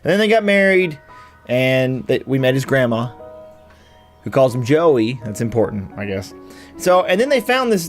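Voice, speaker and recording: A man hosting a let's play, casually recapping the story and joking wryly as he plays. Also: mid-range voice. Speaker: gaming channel host.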